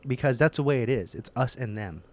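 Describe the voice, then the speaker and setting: A man's voice: medium pitch, lively intonation, fairly quick. A young man hosting his own podcast, ranting in a casual, heated and profane monologue with emphatic swings. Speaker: podcast host.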